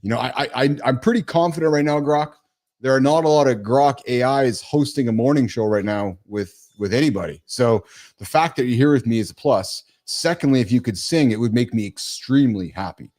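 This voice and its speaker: A man's voice: medium pitch, fairly quick, darkish tone. Blunt, teasing male show host. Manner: teasing, blunt, repeats words. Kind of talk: casual live show chat.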